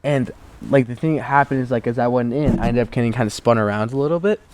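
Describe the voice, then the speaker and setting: A man's voice: mid-range voice, quick pace, clear, resonant tone. A young man from the United States, a guest on the show, tells a story casually and keeps saying "like". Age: young adult. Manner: animated, heavy use of "like".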